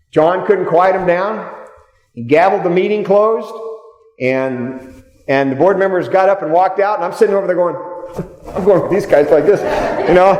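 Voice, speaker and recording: A man's voice: fairly high pitch, darkish tone. A man giving a direct, storytelling seminar talk to a live audience in a meeting room, repeating key points for emphasis. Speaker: seminar speaker. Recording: echoey hall, speaker off-mic at times.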